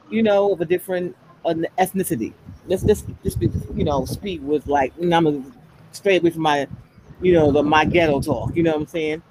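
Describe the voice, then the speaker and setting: A woman with a deep voice chats casually as a podcast panelist, animatedly telling stories and acting out the voices of people she quotes. Background noise is present.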